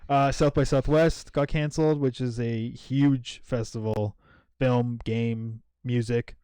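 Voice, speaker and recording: A man hosting a casual gaming podcast, rambling through the news with lots of ums and quick laughs. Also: medium pitch, steady tone, warm tone, clean tone, no room sound. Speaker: podcast host.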